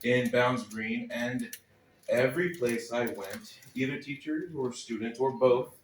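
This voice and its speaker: A man's voice: medium pitch, measured pace, a little hiss or hum. A man from Texas, reading a personal essay aloud at a live club night with a wry, sardonic delivery and dry asides. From Texas, United States. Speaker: spoken-word performer. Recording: echoey room, voice a little far from the mic.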